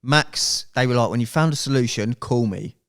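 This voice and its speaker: A man, a podcast guest, telling a story in casual chat, animated and swearing freely as he goes. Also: medium pitch, normal speed.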